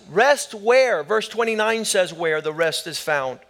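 A man's voice: sits high, moderate pace, hardly any pauses, a bit bright. A man preaching a sermon as a pastor, with an emphatic cadence that rises and falls.

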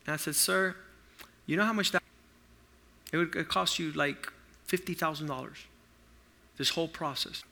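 Animated preacher man, bright high voice. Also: normal speed, vocal fry, long pauses. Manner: animated, acts out quotes with sudden loud outbursts and hushed asides. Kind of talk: sermon storytelling.

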